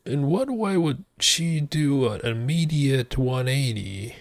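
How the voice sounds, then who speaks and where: A man's voice: mid-range voice, expressive, takes it slowly, dry recording. A man reacting to a video with bemused, casual commentary. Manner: bemused, laughing asides. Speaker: reaction host.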